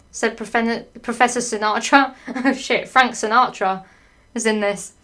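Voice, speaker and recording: A woman giving a comedic read-through of a story, stopping for sarcastic, sweary comments and bursts of laughter. Her voice sits a bit high, and she takes her time, drawing words out slowly. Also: a bit bright. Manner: clears her throat often. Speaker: fanfiction reader. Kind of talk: comedic dramatic reading.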